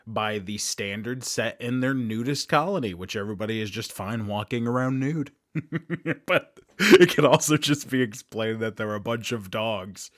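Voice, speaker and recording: A man's voice: medium pitch, moderate pace, no room sound, clean studio sound. A man in his thirties hosting a casual commentary monologue, chatty, laughing often and jumping into sudden emphasis. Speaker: show host.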